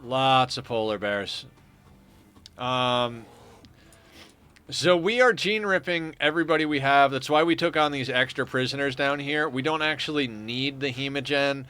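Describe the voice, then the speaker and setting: Male game streamer with a bright, forward tone, rambling and casual. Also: on the high side, fairly quick, few pauses, smooth. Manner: rambling, loose and chatty, swears now and then. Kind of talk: casual let's-play commentary.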